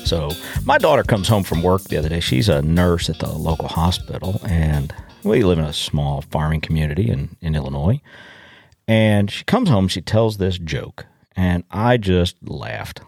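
A man's voice: deep voice, lively intonation, normal speed, creaky, slightly rough, no echo, faint music behind. A middle-aged man hosting a farm podcast, telling a story in a folksy, plainspoken way with frequent restarts. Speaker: podcast host. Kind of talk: casual storytelling monologue. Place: home in a rural community.

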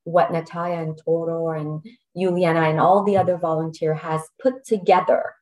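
A woman's voice: deep voice, little pitch movement, normal speed, a little mellow, poor audio. A middle-aged woman, a podcast guest, telling a personal story earnestly and getting choked up, with laughs between phrases.

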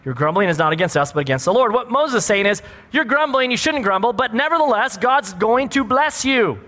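High-voiced pastor preaching in a hall. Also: male voice, brisk. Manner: animated preaching, rhetorical questions. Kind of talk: sermon.

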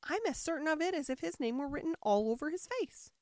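A woman voicing a polite, gentle and curious young girl in a storybook reading, speaking with mild doubt. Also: high-pitched, lively intonation, fast, no echo, studio quality, pitched above the performer's own voice. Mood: musing.

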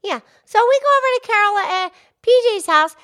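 A bubbly little pig girl hosting a kids' podcast, voiced by a woman, all squeaky sing-song chatter. Her voice sits up high and bounces with excitement as she chats with her co-host. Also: brisk. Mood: cheerful. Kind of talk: in-character kids' podcast chat.

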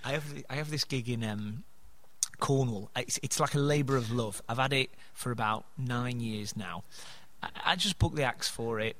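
A man's voice: mid-range voice, moderate pace, a bit bright. A man, co-hosting a podcast in casual chat, chatty and laughing often. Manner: chatty, laughs often, does funny voices in stories. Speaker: podcast co-host.

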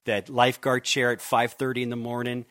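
A man's voice: medium pitch, completely flat delivery, a little fast, fairly bright tone, no room sound. A youth pastor from Connecticut telling his calling story in an earnest, conversational way with frequent restarts. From Connecticut, USA. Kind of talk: conversational podcast interview.

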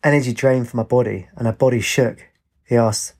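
A man, reading a story aloud as narrator in a steady, even way. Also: mid-range voice, a little fast.

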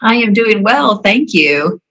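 A woman's voice: mid-range voice, sing-song, a bit bright, husky, poor audio. A woman guest on a podcast, talking casually with eager enthusiasm about her work as a teacher and coach. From Atlanta, Georgia, USA. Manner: eager and enthusiastic, quick laughs. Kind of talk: casual interview talk.

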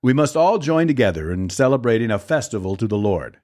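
A man's voice: mid-range voice, big pitch swings, fairly quick, darkish tone, lightly acted. A man reading as a firm old-time prophet. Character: steadfast male prophet leader.

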